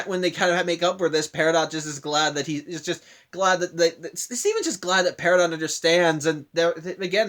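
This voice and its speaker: A man's voice: high-pitched, a bit bright. A young man casually recapping a cartoon episode, rambling with frequent restarts and self-corrections. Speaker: show recap reviewer.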